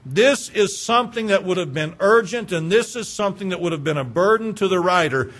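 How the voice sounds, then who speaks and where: A man preaching a sermon, earnest and pleading, asking his congregation questions and slowing down for emphasis. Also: sits high, lively intonation, a bit bright. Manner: talks directly to congregation with rhetorical questions. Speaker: pastor.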